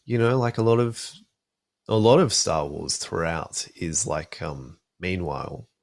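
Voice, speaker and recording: A man's voice: sits low, expressive, unhurried, dry recording. A young adult man with an Australian accent, chatting thoughtfully about film music as a podcast guest, with many fillers. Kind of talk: casual podcast discussion.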